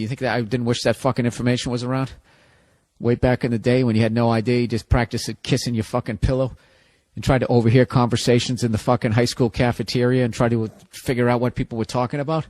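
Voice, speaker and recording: A man hosting a podcast, giving listeners blunt advice in a profane, sarcastic comedic rant. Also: mid-range voice.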